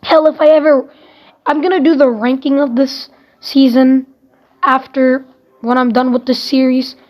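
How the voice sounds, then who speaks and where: High-voiced woman ranting through a review. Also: fairly even intonation, moderate pace, a little mellow. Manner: exasperated, ranting, emphatic; swears casually. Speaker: TV episode reviewer. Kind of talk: casual spoken review. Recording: dull lo-fi recording.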